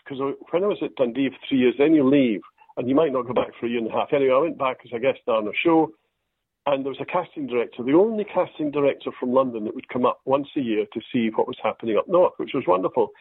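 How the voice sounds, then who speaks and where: An older Scottish man, an actor, telling self-deprecating stories in a relaxed interview. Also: mid-range voice, fast, husky, no echo. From Scotland. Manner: storytelling, self-deprecating, quotes others in lively voices. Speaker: actor guest. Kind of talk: anecdotal interview chat. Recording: dry tinny phone-like line.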